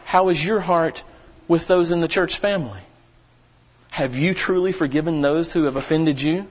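A man preaching a sermon as pastor, folksy and talking straight to the congregation, his voice swelling at times into near-shouting. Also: fairly high pitch, moderate pace, highs cut off. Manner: preaching with sudden rises to shouting; folksy, addresses the congregation directly.

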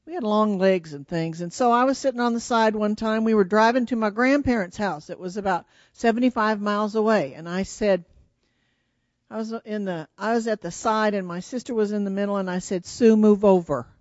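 A woman tells a children's story at church in an animated, questioning way, drawing the kids in. The recording is dull and lo-fi, with a dry, close sound. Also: mid-range voice, brisk, dry recording.

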